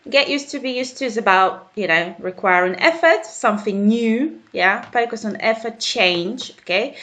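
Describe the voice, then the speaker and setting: Mid-range and sharp in tone, this British woman's voice leads a friendly online grammar lesson. She types out notes while explaining and keeps checking in with viewers, asking "okay?" and calling them "guys".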